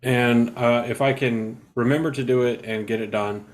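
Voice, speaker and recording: A man's voice: medium pitch, steady tone, normal speed. A man hosting and editing a podcast, talking in a laid-back, rambling way with crude jokes. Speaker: podcast host and editor. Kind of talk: casual chat.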